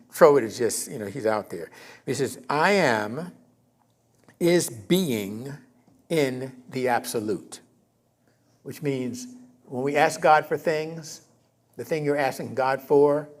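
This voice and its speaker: A man giving a conversational sermon in a church, often checking in with his congregation and rising in pitch for emphasis. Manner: conversational, keeps checking in with "okay?"; animated, rises in pitch and volume for emphasis. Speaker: minister.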